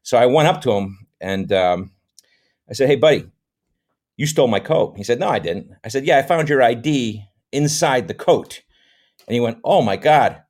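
A middle-aged American man, a comedy actor on a podcast, tells stories in a medium-pitched voice at a normal pace. The casual interview finds him easygoing and rambling, with lots of fillers.

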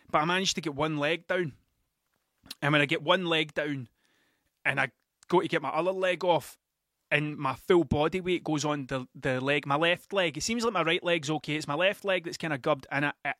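On his podcast, a Scottish father and host spins a meandering, self-deprecating monologue, cursing liberally and going over the same points again. His fairly high voice sounds pushed and bright, recorded cleanly in a studio without any echo.

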